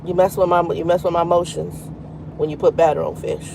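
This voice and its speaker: A woman's voice: fairly low pitch, level tone, brisk, gravelly, noisy background. A woman in her fifties, a truck driver chatting frankly on a casual live stream and greeting viewers by name. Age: 50s. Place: in a truck cab at a terminal.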